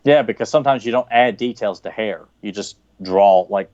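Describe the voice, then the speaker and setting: A man with a Southern US accent chatting casually as a podcast co-host, excited and rambling, with lots of fillers and restarts. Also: fairly low pitch, moderate pace, no echo, highs cut off. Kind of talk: casual chat, watching a cartoon.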